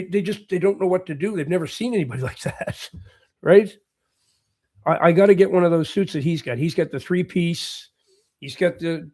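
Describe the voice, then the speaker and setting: A Canadian man hosts a livestream in a high, slightly mellow voice, chatting casually in response to viewers' live comments. He rambles, repeats himself, and chuckles often.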